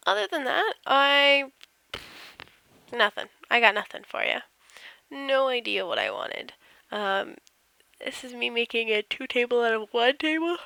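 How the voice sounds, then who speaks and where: A woman's voice: fairly high pitch, animated, unhurried, creaky, long pauses, pushed and bright, smooth, dry recording. A woman casually narrating over her game build, rambling and self-deprecating, yawning as she goes. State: tired, yawning.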